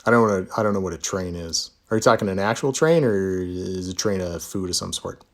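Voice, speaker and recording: A man's voice: deep voice, brisk. A man, a divorce attorney, chatting casually in a live Q&A, reading viewer comments aloud and answering with easygoing, self-deprecating humor. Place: Utah.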